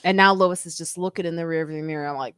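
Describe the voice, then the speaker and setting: A woman's voice: on the low side, fairly even intonation, fast, very noisy. A woman hosting a podcast, telling a story in casual chat and acting out the quotes with big jumps in her voice. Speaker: podcast host.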